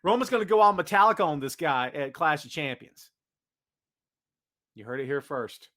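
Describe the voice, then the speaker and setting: A man's voice: on the high side, moderate pace. A man hosting a solo wrestling podcast, ranting with energy and reading out chat comments. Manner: animated ranting, hypes predictions, reads chat comments. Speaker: podcast host. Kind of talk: solo live-stream wrestling talk.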